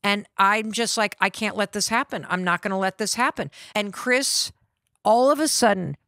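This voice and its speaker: Animated middle-aged woman telling a story. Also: medium pitch, normal speed, dry recording, studio quality. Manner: acts out quoted voices of family and ranger. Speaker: podcast host.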